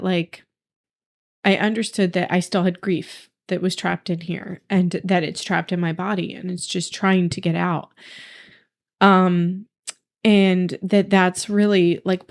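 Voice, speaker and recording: Young woman, low-pitched, smooth clear voice, earnest reflective vlog talk, lots of ums. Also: darkish tone. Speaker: vlogger sharing a meditation journey. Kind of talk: casual personal vlog.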